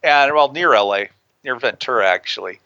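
Brash, swearing man with a lively voice. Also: mid-range voice, normal speed, vocal fry, no echo, dull audio. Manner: brash, swearing freely, animated. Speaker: guest, prison consultant. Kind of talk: profane storytelling in an interview. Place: near a big city on the US West Coast.

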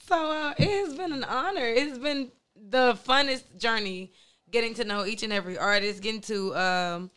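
Loud, playful high-energy woman host. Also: measured pace, smooth. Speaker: co-host and event host. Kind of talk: casual hype talk and storytelling.

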